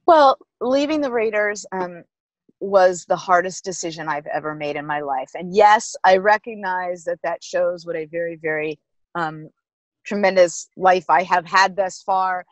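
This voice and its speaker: A middle-aged woman, a former team executive, telling stories in an emphatic, lively interview manner. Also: fairly low pitch, a little slow, dry recording, poor audio. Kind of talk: animated interview storytelling.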